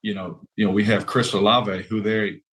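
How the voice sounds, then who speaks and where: Low-voiced calm football player. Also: male voice. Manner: measured, conciliatory, many fillers. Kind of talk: interview answer.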